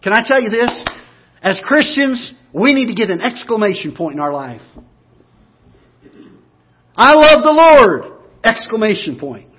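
A pastor preaching a sermon, moving from quiet, low talk up to loud, emphatic, repeated declarations. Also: male voice, breathy edge, muffled recording.

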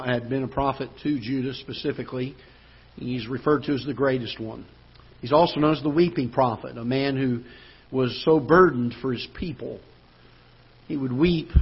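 A male pastor delivers a sermon with a husky, slightly rough voice, and his pitch sits in the middle range. He builds intensity and slows down to stress scripture passages. The recording sounds dull and lo-fi, like a church broadcast feed. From United States. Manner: preaching with swelling emphasis, slowing on scripture; joking aside to the congregation. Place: church auditorium.

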